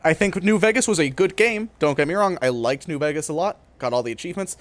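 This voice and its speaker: A man's voice: on the high side, expressive, quick pace. A young man from California giving casual gameplay commentary, lecturing in a mock-serious tour-guide manner with laughing asides. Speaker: gaming streamer.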